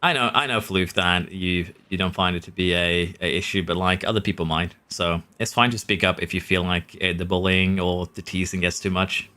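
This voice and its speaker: A Norwegian man talks casually to his stream audience as he plays. His voice sits a little low but has a bright, forceful edge. He keeps an easygoing tone, reading out chat and chuckling often. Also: steady tone, moderate pace, hardly any pauses. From Norway. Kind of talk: casual live-stream chat while playing.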